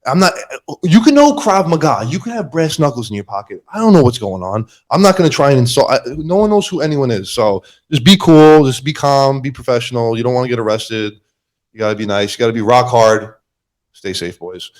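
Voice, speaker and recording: A young man hosting a podcast, telling a story with animated energy and loudly acting out what was said. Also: medium pitch, a little fast. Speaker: podcast host. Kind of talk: casual chat.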